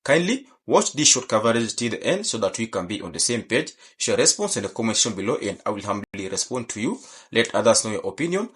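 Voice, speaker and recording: A male host delivering scripted commentary to his viewers, his voice a little husky and full of rising and falling pitch. He speaks formally, politely pleading again and again. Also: big pitch swings, fast, fairly bright tone. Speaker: channel host.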